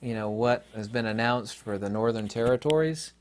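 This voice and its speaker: A man's voice: mid-range voice, normal speed, darkish tone. Rambling man talking to his viewers. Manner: rambling and opinionated, with many fillers and asides. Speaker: channel host. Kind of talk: opinion vlog monologue.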